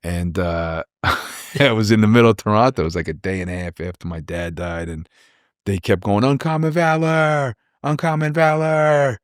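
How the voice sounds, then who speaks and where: Low-voiced man telling stories, rambling. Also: brisk, no room sound, clean studio sound. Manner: rambling, repeats words, lively impressions of people. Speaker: rapper, guest. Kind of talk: casual storytelling interview.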